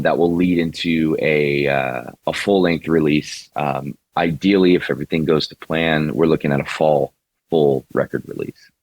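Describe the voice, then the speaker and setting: A man with a very deep, low voice talks casually as an interview guest. He rambles, restarting his sentences and leaning on fillers. The sound is dry and close, with no room around it. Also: dry recording. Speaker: singer and songwriter, guest.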